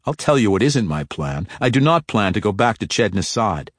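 A man voicing a ruthless, scornful male dark elf assassin in a sharp, mocking tone. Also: lowish voice, very animated, moderate pace, no room sound, studio quality. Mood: disdainful.

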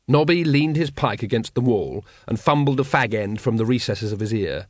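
A man narrating an audiobook in a wry, measured way. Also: mid-range voice, dry recording, studio quality. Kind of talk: scripted narration.

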